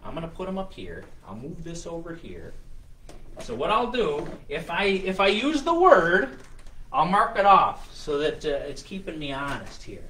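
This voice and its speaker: A man's voice: a little high, big pitch swings, normal speed, bright, forceful tone, slight background noise. A man hosting a children's show, making up a story on the spot with lots of fillers and playful restarts. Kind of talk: improvised storytelling for kids.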